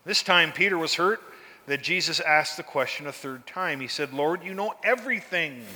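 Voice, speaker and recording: A man's voice: fairly high pitch, lively intonation, moderate pace, pushed and bright, in a large hall. A man preaching a sermon in a folksy, conversational way, often asking his listeners questions. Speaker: pastor.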